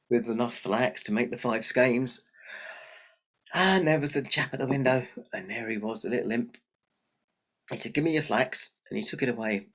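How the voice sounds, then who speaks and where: Male storyteller, lively and chatty, husky voice. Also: medium pitch. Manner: lively, chatty, addresses the audience. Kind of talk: oral folk tale telling.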